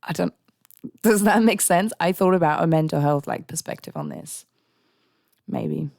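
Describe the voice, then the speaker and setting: A woman's voice: lowish voice, a little slow, creaky, a little mellow, no echo, studio quality. A young woman streaming live, chatting candidly and ranting with frequent laughter. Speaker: songwriting livestreamer. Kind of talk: casual livestream chat.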